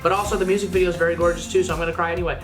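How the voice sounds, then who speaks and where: A man reacting casually to a music video, chatty and gushing with lots of fillers, sometimes jumping higher when excited. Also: very fast. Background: music playing faintly.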